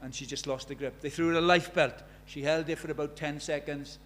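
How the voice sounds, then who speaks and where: An older man preaching an evangelistic sermon, impassioned, dropping to a hush and then rising loud. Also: a little high, steady tone, a little fast. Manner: impassioned, swings from hushed to loud.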